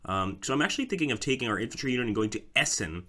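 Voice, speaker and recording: A man's voice: mid-range voice, sing-song, racing. A man giving casual commentary over a strategy game, thinking aloud about his moves and talking to viewers as guys. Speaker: let's play host. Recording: loud background noise.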